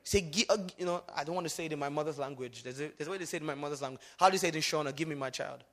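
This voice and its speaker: A pastor preaching a sermon, whose first language is Yoruba, who swings from loud exclamations to hushed asides and keeps calling for the congregation's response. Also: male voice, a little high, racing.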